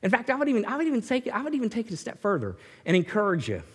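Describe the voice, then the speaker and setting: A man preaching a sermon in an animated way, swinging from loud bursts to hushed words and often repeating himself. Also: high-pitched, racing, husky. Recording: hall reverb.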